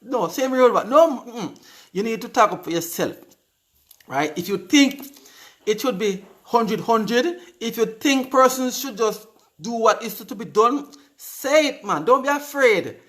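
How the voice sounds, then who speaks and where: A man's voice: very high voice, animated, measured pace, fairly bright tone. A Jamaican man hosting a live stream, chatting casually and reading out viewers' comments, often repeating his words. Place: indoors on live video.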